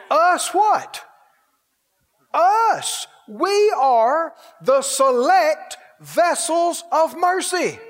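A man preaching a sermon with exuberant energy, stretching out his phrases for emphasis and breaking into laughter and shouted exclamations. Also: very high-pitched.

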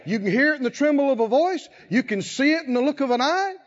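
High, lively preaching man. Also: fast talker, dull audio. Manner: preacher who swings from soft to shouted, laughing and exhorting. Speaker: pastor. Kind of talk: sermon.

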